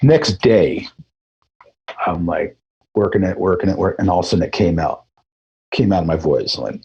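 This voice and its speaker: A middle-aged man with a low, husky voice talks through his story in a relaxed interview. He rambles easily, circling back with fillers and restarts. He sounds like a musician guest reflecting on his path. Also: moderate pace, long pauses, muffled recording. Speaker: guest musician, throat singer.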